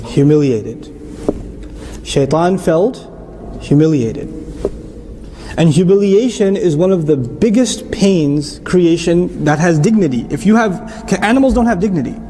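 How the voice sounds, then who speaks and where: A middle-aged man preaching a sermon-style lecture, explaining with rhetorical questions and turning animated at times. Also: high voice, a little slow, slight background noise. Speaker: Islamic preacher.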